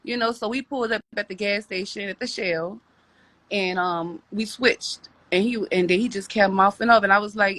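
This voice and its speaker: A woman's voice: medium pitch, moderate pace, a bit bright, no room sound. A woman telling a personal story as a podcast guest, rambling with many restarts and repeated words.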